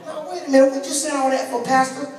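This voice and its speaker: A male pastor preaching a sermon, swinging from quiet asides to shouted call-outs. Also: extremely high pitch, steady tone, quick pace. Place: large church sanctuary with congregation. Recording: echoey church hall from far off.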